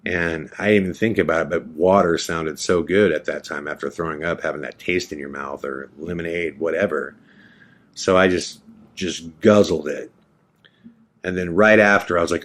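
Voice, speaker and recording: Low-voiced man telling a true story. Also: brisk. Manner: animated retelling, acts out both sides of dialogue. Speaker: podcast host. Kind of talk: casual first-person storytelling.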